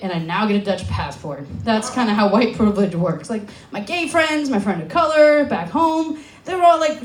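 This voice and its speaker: A young American woman from Alaska works a comedy club crowd with a brash, profane, sarcastic stand-up set. Her voice sits high and bright. The sound has a roomy echo from the club, picked up on a handheld stage mic. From Alaska, USA.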